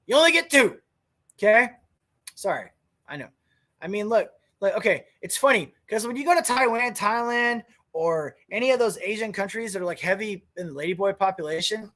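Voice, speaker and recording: A man's voice: high voice, pushed and bright. A man hosting a podcast, ranting bluntly and casually, swearing a lot. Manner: crude, blunt, swears freely. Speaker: podcast host. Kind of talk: casual opinion rant.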